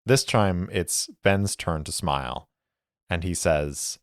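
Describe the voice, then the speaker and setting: A man narrating his own solo tabletop game as the podcast host, measured and deliberate in his storytelling. His voice sits deep and he takes his time. The sound is dry and close to the mic. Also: smooth, no room sound.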